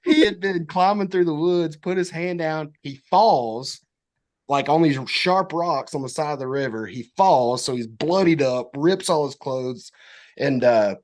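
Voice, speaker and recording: A young man, a podcast guest telling a story in casual chat, animated and acting out quotes. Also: unhurried. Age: young adult. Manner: animated storyteller, acts out quotes in high voices.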